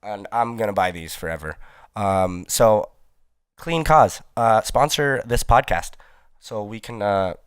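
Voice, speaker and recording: Chill podcast guy rambling on, lotsa ums and swearing, low-ish smooth voice, dry close sound. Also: a little slow, no echo. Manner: rambling, laid-back, lots of ums and swearing, laughs often. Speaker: podcast host. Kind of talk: casual solo podcast monologue.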